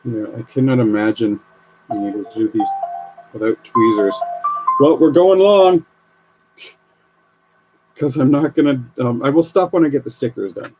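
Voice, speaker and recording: A man's voice: mid-range voice, fairly quick, a little mellow, soft background music, rough recording. A man live streaming as he builds a model kit, chatting and thinking aloud as he works. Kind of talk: casual live stream commentary.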